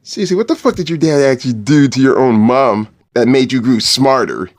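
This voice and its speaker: A man's voice: mid-range voice, lively intonation, moderate pace. A man reviewing a cartoon episode, crude and exasperated, swearing often. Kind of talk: profane commentary over clips.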